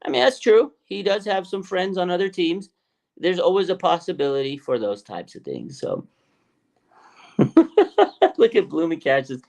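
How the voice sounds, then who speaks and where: A man's voice: high voice, lively intonation, a little slow, vocal fry, pauses often, darkish tone. A man hosting a casual sports livestream, often laughing and mocking rumors while reading out chat comments. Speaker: sports show host. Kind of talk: casual live-stream commentary.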